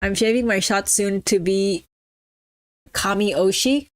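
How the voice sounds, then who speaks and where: A woman's voice: mid-range voice, a little slow, no room sound. A young adult woman streaming a game, chatting casually and teasing her chat with mock-snobby banter. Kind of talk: casual live-stream chatter while gaming.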